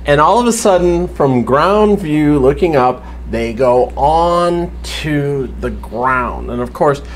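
A man's voice: fairly high pitch, slight background noise. A man casually recapping a TV episode in a sarcastic, wry way, swearing now and then.

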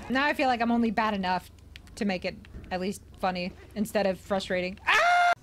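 A young woman streamer giving casual gameplay commentary, excitable and swearing often. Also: mid-range voice, a little fast, noisy background. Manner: excitable, swearing, shrieks and laughs.

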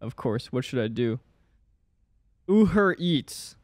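A man's voice: mid-range voice, very animated, slow pace, dry recording. A young man gives jumpy commentary while playing a horror game, talking to himself and swearing now and then. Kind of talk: gameplay commentary.

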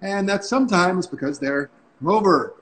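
Casual instructor in his forties, a man with a slightly high voice who tells stories and checks in with "right?" over a call mic. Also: expressive, moderate pace, a bit bright, slight background noise, low-quality recording. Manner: chatty, tags sentences with "right?". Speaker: freediving instructor and guest. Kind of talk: casual storytelling on a live stream. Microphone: phone or computer mic on a video call.

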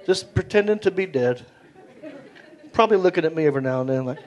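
A man's voice: fast, lo-fi sound. A male stand-up comedian, telling a story animatedly and jumping into character voices. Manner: animated, acts out characters with big pitch jumps. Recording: live comedy club with crowd. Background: audience laughter.

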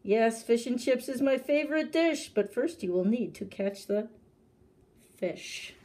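Woman doing a loud, fussy hungry king. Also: fairly high pitch, lively intonation, measured pace. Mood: grumpy. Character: hungry, grumpy, demanding male king.

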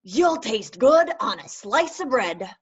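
A woman's voice: fairly high pitch, sing-song, slow, husky, heavily acted. Girl doing a big dopey hungry monster, bouncy voice, kinda muffled lo-fi call audio. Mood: gruff. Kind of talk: storybook read-aloud over video call. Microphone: video call. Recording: dull lo-fi video call audio.

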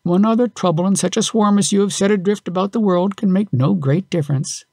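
A man's voice: high-pitched, a little fast, a little mellow, no echo, studio quality, voice pushed up. A man doing a sullen young boy. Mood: sulky. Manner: sulky, grudging.

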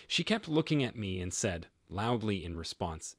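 A man's voice: on the low side, sing-song, moderate pace, few pauses, no room sound, studio quality. A man narrating a first-person story in a plain, matter-of-fact way.

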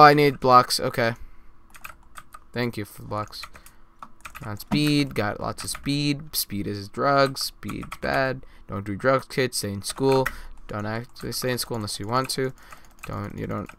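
A man talks through a live game with a bright, sharp voice, bragging in jest and muttering to himself between loud outbursts. Faint keyboard clicks and typing sit behind him. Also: mid-range voice, creaky, slight background noise. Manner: mock-boastful, jokey self-talk with sudden loud outbursts. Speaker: gaming YouTuber. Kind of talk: live gameplay commentary.

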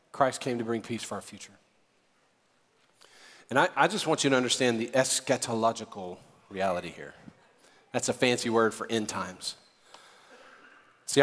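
A pastor preaching a sermon in a church, fervent and building to near shouting, with soft music under him. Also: male voice, mid-range voice, in a large hall. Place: church sanctuary.

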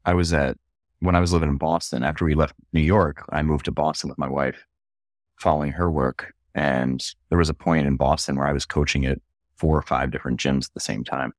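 A man's voice: a bass voice, fairly even intonation, brisk, no echo, clean studio sound. A middle-aged man from Philadelphia, a fitness coach guesting on a podcast, speaking in an earnest, reflective way. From Philadelphia, USA. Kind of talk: casual interview chat.

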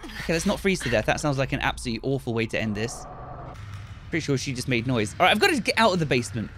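A man giving excited commentary on a horror game while playing, swearing often and switching between low mutters and sudden yells. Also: very fast, slight background noise. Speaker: gaming video creator. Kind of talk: gameplay commentary. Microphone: gaming headset.

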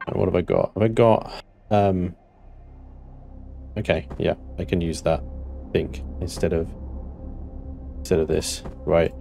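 A man narrating his own gameplay, excitable and talking to himself, swearing now and then. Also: low-pitched, a little slow, gravelly, long pauses, soft background music. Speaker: gameplay commentator. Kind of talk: let's play commentary.

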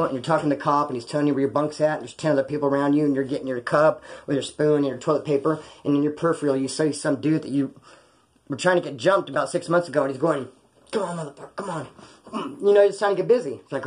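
This slightly rough, slightly high male voice belongs to a Californian sharing profanity-laced prison anecdotes in a small hot room. He keeps it relaxed yet animated, voicing the people he quotes.

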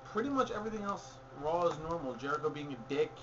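A fairly high-voiced man chats loosely about the week's wrestling, rambling and opinionated, stopping to correct himself as he goes. The recording is dull and lo-fi with a faint hiss behind him. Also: animated, quick pace. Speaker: podcast co-host. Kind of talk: casual wrestling recap chat.

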